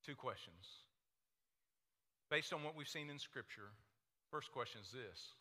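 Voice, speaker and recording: Preacher guy in a big echoey church, hushed then loud, real intense. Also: mid-range voice, lively intonation, measured pace. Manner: impassioned, swinging from hushed to loud. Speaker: pastor. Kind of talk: sermon. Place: church sanctuary. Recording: echoey hall reverb.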